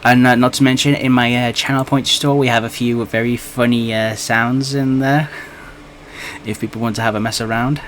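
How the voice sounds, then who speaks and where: A man hosting a live game stream with casual chat, talking in a halting, nervous way with many restarts. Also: medium pitch, flat delivery, a bit bright, a little hiss or hum.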